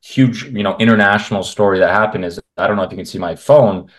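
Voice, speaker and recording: Deep-voiced blunt man, opinionated guest. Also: fast. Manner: blunt, opinionated, talks in long rambling runs. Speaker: men's health coach, guest. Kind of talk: casual interview conversation. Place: at home in Canada.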